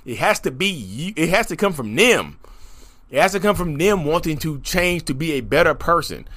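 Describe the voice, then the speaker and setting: A man talking straight to his audience in an emphatic, rapid, repeating monologue about his own journey. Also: a little high. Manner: animated, emphatic, rapid, repetitive. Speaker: content creator talking about narcissism. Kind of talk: animated direct-to-camera monologue.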